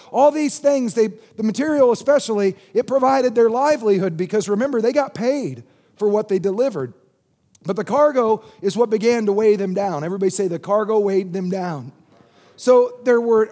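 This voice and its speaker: This middle-aged pastor has a very high, mellow voice. He preaches a sermon in call-and-response style, asking the congregation to repeat phrases back to him.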